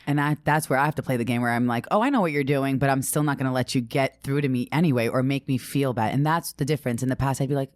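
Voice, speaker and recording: A woman with a low voice, recorded close and dry, chats casually as a podcast guest. She tells stories animatedly, slipping into other people's voices and swearing without a second thought. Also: fast, hardly any pauses, dry recording. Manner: animated storytelling, acts out quotes, swears casually.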